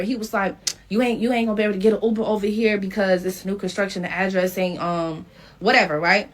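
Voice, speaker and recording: A woman's voice: mid-range voice, moderate pace. A woman telling a story in a casual, profane way, acting out what people said. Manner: animated, profane, acts out quotes.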